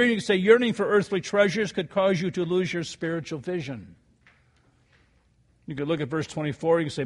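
An older man preaching a sermon, telling a story with animated rises and quiet asides before reading scripture. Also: fairly high pitch. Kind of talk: sermon with anecdote.

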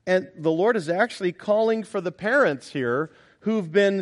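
A middle-aged pastor delivers a sermon in a fairly high male voice. He preaches with emphasis and swings between loud exclamations and quieter reflective passages. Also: moderate pace.

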